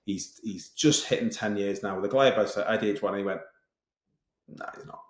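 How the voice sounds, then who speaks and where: A middle-aged man telling his story as a podcast guest, fast and lively, acting out other people's lines as he goes. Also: fairly low pitch, roomy sound. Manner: fast, animated, tells stories with quoted voices. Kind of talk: casual interview storytelling.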